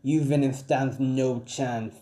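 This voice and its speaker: A man voicing a sinister, smug male villain mastermind in a fan-made audio story, speaking in a low, mocking way. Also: steady tone, takes it slowly, mellow, close to an everyday voice.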